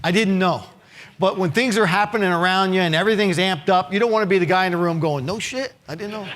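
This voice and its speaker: A man's voice: high-pitched, quick pace, fairly bright tone. A middle-aged man giving a keynote speech, telling a vivid story with acted-out quotes and wry asides. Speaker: keynote speaker. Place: conference hall with a live audience.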